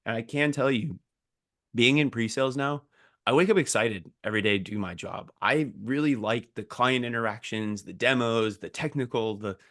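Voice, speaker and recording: A man's voice: mid-range voice, a bit bright, no echo, studio quality. A man co-hosting a podcast in casual chat, telling his story in an earnest, motivational way. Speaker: podcast co-host, sales engineer.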